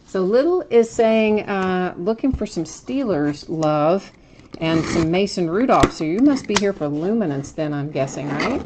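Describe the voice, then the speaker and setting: A woman's voice: on the low side, a little mellow, a little hiss or hum. Chatty woman hosting a live card break. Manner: chatty, explains details at length, laughs at herself. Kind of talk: casual live stream chat.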